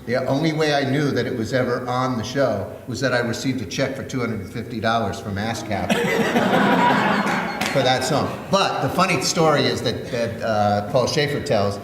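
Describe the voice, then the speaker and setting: A man's voice: medium pitch, normal speed, far from the mic. A man, a composer-lyricist guest at a post-show Q&A, telling anecdotes in a wry, joking manner. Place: theater auditorium. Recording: echoey hall with background noise.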